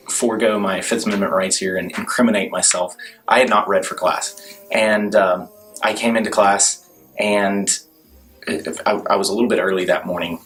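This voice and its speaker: A man's voice: sits low, fairly bright tone, rough recording. Wry male law student telling a story. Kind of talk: anecdote told to camera.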